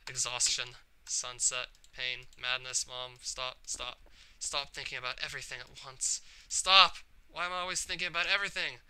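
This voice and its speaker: A tormented, brooding teenage girl from a visual novel, read aloud by a man. The voice is very bright and sharp and breaks upward into cries, with a faint hiss of noise behind it. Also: mid-range voice. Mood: despairing. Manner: emotional, voice rising to cries. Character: troubled shy teenage girl, anxious, brooding.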